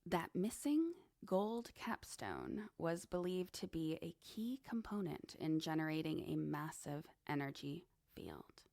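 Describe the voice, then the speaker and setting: Woman podcast host, low and slow, gravelly, dry close sound, musing monologue. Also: big pitch swings, darkish tone, no room sound. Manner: slow, musing, conversational with asides. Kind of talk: casual monologue on esoteric topics.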